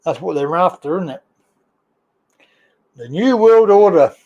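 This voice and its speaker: This is a man with a Birmingham accent chatting on his own live stream. His voice sits high, and he rambles casually from one subject to the next, teasing whoever comes on. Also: animated, measured pace, darkish tone, lo-fi sound. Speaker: livestream host.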